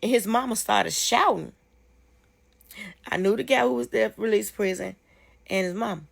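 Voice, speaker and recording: A woman telling a dream testimony casually, fervent and repetitive, climbing high when she rejoices. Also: moderate pace, gravelly. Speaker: storyteller sharing a dream testimony.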